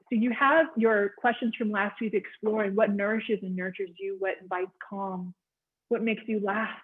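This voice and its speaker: A woman's voice: medium pitch, husky. A woman counselor giving a conversational, encouraging wellness talk with frequent ums. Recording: tinny phone-like line.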